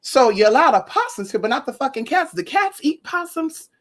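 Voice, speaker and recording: A woman's voice: high-pitched, big pitch swings, brisk, noisy background. A young woman from Northern California who tells a story to her viewers in a sassy, profane way. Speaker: spiritual vlogger. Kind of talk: casual storytelling vlog.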